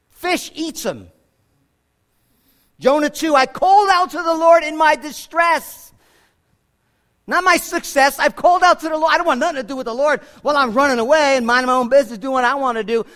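A man's voice: high voice, a bit bright. A man preaching a sermon, repeating himself and restarting phrases, lifting his voice when he quotes scripture. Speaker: pastor.

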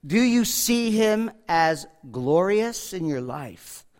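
A pastor preaching a sermon, emphatic, often dropping to a hush and asking the congregation direct questions. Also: male voice, sits high, very animated, slow pace. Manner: emphatic preaching, swings from loud to hushed.

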